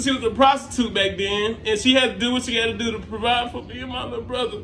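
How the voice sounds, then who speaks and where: A young man talking casually to camera, rambling and halting with many fillers. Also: very high voice, fairly even intonation, sharp tone, roomy sound, a little hiss or hum. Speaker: scholarship applicant.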